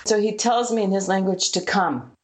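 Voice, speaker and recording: A woman's voice: medium pitch, normal speed, a little hiss or hum. A woman, a missionary guest, earnestly retelling a personal story with vivid quoted dialogue.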